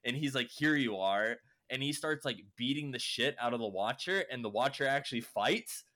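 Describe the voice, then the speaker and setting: A man's voice: mid-range voice, brisk, bright, forceful tone. A young man casually recapping a show, rambling with lots of fillers and swearing. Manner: rambling, heavy use of "like" and swearing.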